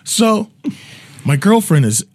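A man's voice: high voice, very animated, slow, darkish tone, no room sound, clean studio sound. A man telling a comedic story in casual chat, loose and profane, laughing often.

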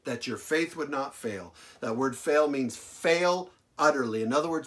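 A male pastor delivering a sermon, repeating phrases for emphasis and swinging between loud declarations and hushed lines. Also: mid-range voice, expressive, measured pace, few pauses. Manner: dramatic preaching, big swings from loud to hushed.

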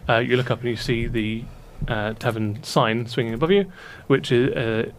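Here a game master guides a tabletop session in a mid-range voice, with a little hiss or hum on the recording. He narrates in an easygoing, stop-start way, full of fillers.

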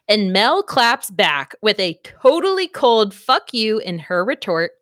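A woman's voice: medium pitch, sing-song, a little slow, few pauses, a bit bright, no room sound, studio quality. A woman co-hosting a book club podcast, recapping a novel in casual chat, laughing often and swearing freely.

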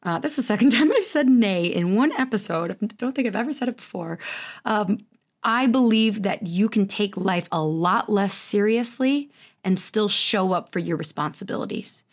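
A woman in her thirties talks alone on her podcast. She is candid and self-mocking, and her pitch often leaps upward. Her voice sits at an ordinary pitch for a woman. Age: 30s. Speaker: podcast host. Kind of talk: casual solo podcast monologue.

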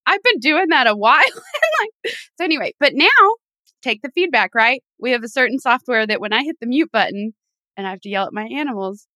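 A woman with a fairly high, bright, forceful voice co-hosts a podcast, chatting and telling stories with frequent laughs. Her voice is recorded dry and close. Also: big pitch swings, brisk, dry recording. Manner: chatty storyteller, laughs often. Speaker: podcast co-host. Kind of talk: casual chat.

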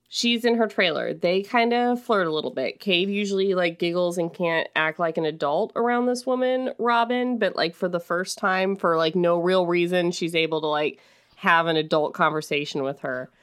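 Young woman co-host, low-pitched, lively casual podcast chat. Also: normal speed, clear, resonant tone. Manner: animated, jumps high in pitch when joking. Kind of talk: casual chat recapping a book.

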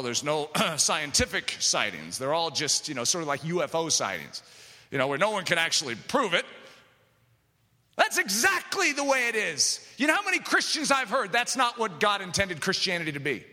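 A man preaching a sermon with passion, dropping to quiet asides and rising to shouts. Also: high-pitched. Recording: long hall reverb.

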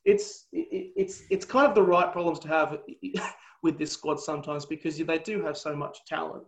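A man's voice: on the high side, lively intonation, moderate pace, vocal fry. A man, a podcast guest chatting casually and enthusiastically, laughing easily. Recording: echoey room sound.

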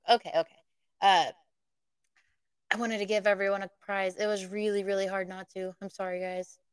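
A chatty woman co-hosting a live podcast in casual talk. Her voice sits at a middle pitch and sounds close and dry, with no room around it. She talks in a lively, self-deprecating way. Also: smooth, no room sound. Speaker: podcast co-host.

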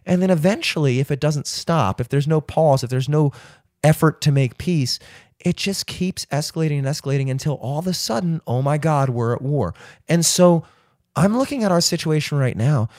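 A man on a podcast ranting freely and cursing often, his voice sitting a little high. He leans hard on his points. The sound is dry and close, with no room around it. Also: moderate pace, a little mellow, dry recording. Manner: ranting, profane, emphatic. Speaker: podcast guest. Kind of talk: casual chat.

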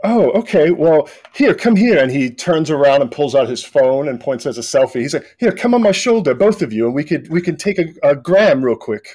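A nervous, eager young boy wizard who stammers and trips over his own name, voiced by a man. The voice sits noticeably higher than the speaker's usual talk. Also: very animated, brisk, few pauses, a little mellow. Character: awkward young boy wizard with taped glasses.

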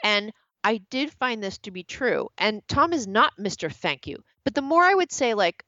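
A woman's voice: mid-range voice, very animated, normal speed, fairly bright tone, dry recording, highs cut off. A woman guest in a casual interview who tells stories animatedly and acts out quoted dialogue. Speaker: author guest.

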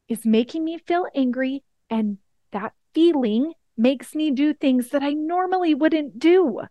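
A woman's voice: sits high, slow, a little mellow, no room sound. A woman giving a coaching lesson, talking straight to her listeners and often checking in with "okay?" and "right?". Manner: talks directly to listeners, repeating "okay?" and "right?". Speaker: life coach.

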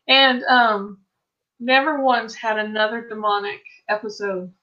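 A woman's voice: fairly high pitch, moderate pace, pushed and bright, dull audio. A middle-aged woman giving an earnest faith testimony, telling a friend's story with many restarts and quoted lines. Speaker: Christian ministry speaker. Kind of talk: testimony-style faith talk.

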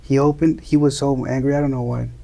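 A young man from Colombia, a native Spanish speaker, telling casual stories as an interview guest, animated and laughing often. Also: mid-range voice, quick pace, gravelly. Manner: animated, laughing, acts out quoted voices. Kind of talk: casual storytelling.

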